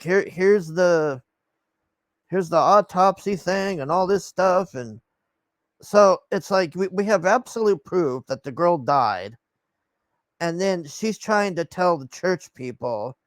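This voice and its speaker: A man's voice: high-pitched, animated, unhurried, no echo. A man ranting casually to his camera, rambling and exasperated, swearing often and trailing off with sighs. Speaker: vlogger.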